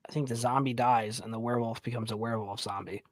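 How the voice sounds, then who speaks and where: A man's voice: mid-range voice, fairly even intonation, fast talker, dry recording. A man co-hosting a podcast in casual chat, teasing and joking with his guests. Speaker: podcast co-host.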